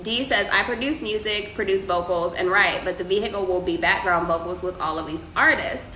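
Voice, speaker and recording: Bright-voiced young woman livestreaming, profane. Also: mid-range voice, fairly quick. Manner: loose, profane, talks straight to viewers. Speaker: livestream host. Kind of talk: casual livestream chat reading viewer comments. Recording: echoey room with faint ambient noise.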